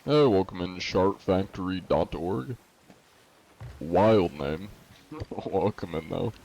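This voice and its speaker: Man, game streamer, casual live-stream chat, playful and jokey, room at home, fairly low voice. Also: takes it slowly, gravelly, dark tone, dull audio, a little hiss or hum.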